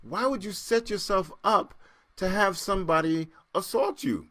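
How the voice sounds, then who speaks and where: Guy running his own podcast, joking and laughing a lot, goes loud then mutters, dry close sound. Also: normal speed, no echo. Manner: animated, joking, laughs often, repeats himself; swings between loud excited bursts and low muttering. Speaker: podcast host. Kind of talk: casual solo podcast chat reading comments.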